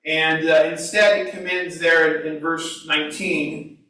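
A man's voice: on the high side, little pitch movement, a little slow, pushed and bright. A man leading an informal Bible class, talking conversationally and asking the group questions. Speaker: Bible study teacher. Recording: echoey room, mic far away.

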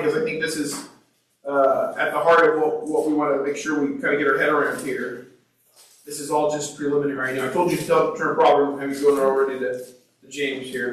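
A man's voice: on the high side, a bit bright, slight background noise. A man leading an informal Bible class, talking conversationally and asking the group questions. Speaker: Bible study teacher. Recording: echoey room, mic far away.

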